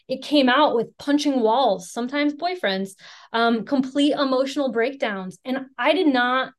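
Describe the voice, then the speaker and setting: Frank American woman telling her story. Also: on the high side. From Chicago area, United States. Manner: frank, self-deprecating, many fillers like "you know" and "right". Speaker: speaker sharing recovery story. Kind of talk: candid personal testimony.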